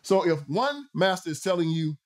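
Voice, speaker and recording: A man's voice: on the high side, big pitch swings, moderate pace. A man hosting a political commentary show, delivering an emphatic, repetitive, sermon-like monologue. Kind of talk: preachy monologue.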